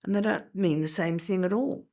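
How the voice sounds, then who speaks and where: Older woman, veteran teacher, emphatic, explains step by step, middle pitch. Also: normal speed, a little mellow. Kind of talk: podcast interview.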